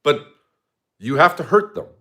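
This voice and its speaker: A man's voice: a little high, very animated, unhurried, a bit bright. A man delivering a combative, sarcastic opinion monologue as a political commentary host, sometimes mocking his opponents in a put-on voice.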